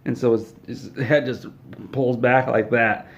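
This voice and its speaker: A man's voice: medium pitch, unhurried, creaky. Man telling an absurd comic story. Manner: deadpan, rambling narration. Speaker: comedy storyteller. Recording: dull lo-fi recording.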